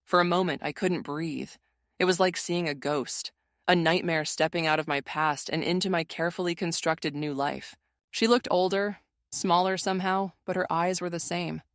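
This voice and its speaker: A woman narrating a first-person family drama story in a steady, measured way. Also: fairly low pitch, no room sound, studio quality.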